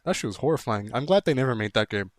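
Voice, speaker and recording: A man's voice: medium pitch, lively intonation, fast, no echo, clean studio sound. A man reading viewer-submitted horror stories aloud and mocking them, laughing and swearing between lines. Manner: laughing, profane, mocking commentary. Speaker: creepypasta reader.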